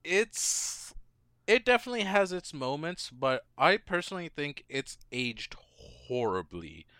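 A man's voice: on the high side, very animated, a little slow, pushed and bright, dry recording, clean studio sound. A man co-hosting a casual podcast chat, giving blunt, emphatic opinions. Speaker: podcast co-host.

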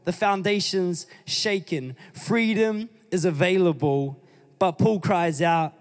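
A man's voice: sits high, slow. A man preaching a sermon, reading scripture and urging his congregation on with emphatic exhortations. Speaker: pastor. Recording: long hall reverb.

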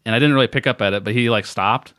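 An American man co-hosting a podcast, telling a rambling story with laughs, his voice trailing off quietly between bits. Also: mid-range voice, rapid-fire, clear, resonant tone, no room sound, studio quality. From United States. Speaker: podcast co-host. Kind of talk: casual storytelling chat.

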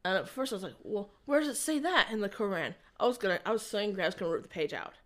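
A woman in an interview, telling a personal faith story in a rambling, halting way with frequent restarts. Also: mid-range voice, expressive. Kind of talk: conversational testimony.

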